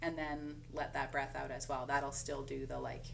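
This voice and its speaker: Brief: low-pitched woman therapist guest, casual explainer, recorded a little far from the mic. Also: flat delivery, moderate pace, creaky, slight background noise. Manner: chatty, explains with hands-on examples. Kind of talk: casual podcast chat.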